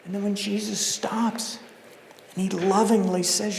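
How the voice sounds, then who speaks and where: A male pastor preaches a sermon with a fairly high voice. He takes his time and brings the scenes alive with animated storytelling. The long reverb of the church hall surrounds every word. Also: a little slow, creaky, background noise. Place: church sanctuary.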